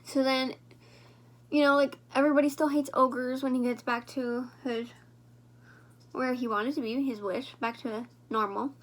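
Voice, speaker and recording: High-voiced chatty woman vlogger. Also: fairly even intonation, normal speed. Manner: rambling, talks to viewers directly. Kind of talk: casual chat while doing makeup.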